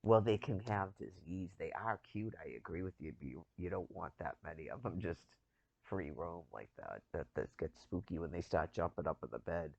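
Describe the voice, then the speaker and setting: A man with a low, gravelly voice chats casually, rambling from one thought to the next and chuckling often. His pitch swings widely as he tells it. The sound is dry and a bit dull, like a lo-fi recording. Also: expressive, normal speed, a little mellow, no echo. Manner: rambling, chuckling, loose and profane. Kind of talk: casual chat.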